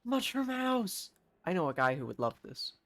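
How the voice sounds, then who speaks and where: A streamer giving live gameplay commentary, excitable, swearing freely and reacting aloud. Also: mid-range voice, fast, creaky.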